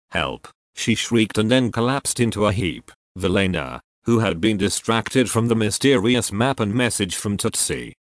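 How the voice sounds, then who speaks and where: A man reading a melodramatic mystery story aloud in a deadpan way. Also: on the low side, no room sound, studio quality. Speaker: narrator.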